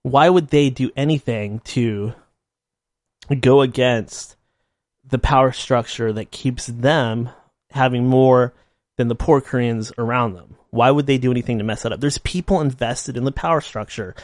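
A man's voice: mid-range voice, a little slow, dry recording, studio quality. A man delivering a blunt, sarcastic opinion monologue full of rhetorical questions. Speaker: commentator.

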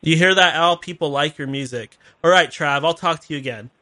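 A man's voice: fairly high pitch, a little fast, sharp tone. A man hosting a call-in talk radio show, rambling and chatty with laughing asides.

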